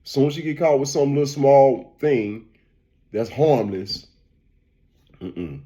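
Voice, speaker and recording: Mellow-voiced man ranting casually. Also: mid-range voice, slow. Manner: animated and repetitive, calls out "man" and "bro". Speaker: barber and commentary vlogger. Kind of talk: casual opinion rant.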